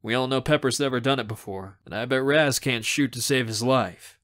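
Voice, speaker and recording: A man's voice: mid-range voice, normal speed, a bit bright, lightly acted. A man reading a cocky teenage boy who bosses his friends around in an audiobook. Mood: bossy. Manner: brash, commanding. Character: cocky teen boy, bossy team leader.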